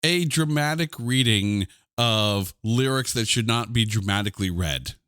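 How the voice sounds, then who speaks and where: A man co-hosting a music podcast in a loose, chatty way, with plenty of "like" fillers. His voice sits low but rises and falls a lot. The recording is close and dry. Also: unhurried, clean tone, dry recording. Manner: chatty and animated, with frequent "like" fillers. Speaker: podcast co-host. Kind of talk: casual music chat.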